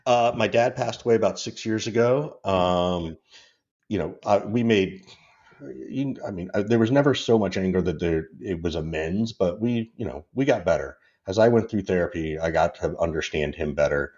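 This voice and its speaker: A man's voice: low voice, normal speed, a little mellow, dull audio. A man in his fifties, a podcast guest, telling personal stories in a rambling, candid way and laughing through them. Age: 50s. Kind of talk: casual interview storytelling.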